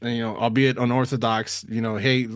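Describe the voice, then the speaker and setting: A man's voice: medium pitch, level tone, normal speed, no echo, studio quality. Rambling mid-voiced podcast man. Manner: hesitant, rambling, stop-start. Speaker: podcast co-host. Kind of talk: casual podcast chat.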